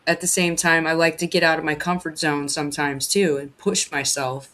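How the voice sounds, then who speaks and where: Halting guest telling a personal story. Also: mid-range voice, steady tone, bright, forceful tone. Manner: halting, many restarts and fillers.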